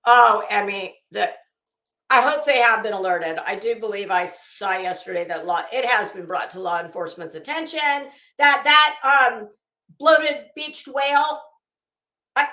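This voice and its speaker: A woman's voice: on the high side, bright, forceful tone. Catty, sarcastic woman streamer, roomy echo. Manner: catty, sarcastic, swears freely. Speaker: livestream host. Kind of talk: live-chat gossip commentary.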